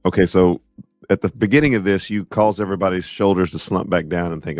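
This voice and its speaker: A man's voice: deep voice, fast, no echo, clean studio sound, soft background music. A man co-hosting a casual talk show, playful and teasing, with emphatic asides. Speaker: co-host. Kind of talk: casual conversational commentary.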